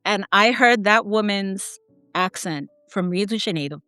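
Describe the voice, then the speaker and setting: Animated woman telling her story. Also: mid-range voice, smooth, no echo, faint music behind. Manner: animated, quick asides, laughs, acts out quoted voices. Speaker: podcast guest, academic editor. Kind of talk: conversational interview storytelling.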